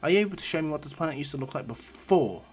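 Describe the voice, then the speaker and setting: A man's voice: fairly high pitch, big pitch swings, racing, soft background music. A man voicing an earnest, polite young man who has just become a god, in a casual fan story retelling. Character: young male newly made god.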